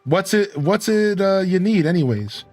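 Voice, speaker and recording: A man voicing a gruff old Scottish duck tycoon from a video game, in a mock Scottish brogue. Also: high voice, animated, normal speed, a little mellow, soft background music, pitched above the performer's own voice.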